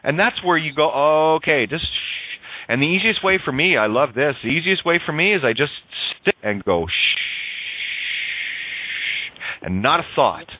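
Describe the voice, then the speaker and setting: A man in casual spiritual chat on a radio show, animated and joking, with frequent swearing. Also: fairly high pitch, fairly quick, hardly any pauses, slight background noise. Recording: dry tinny phone line.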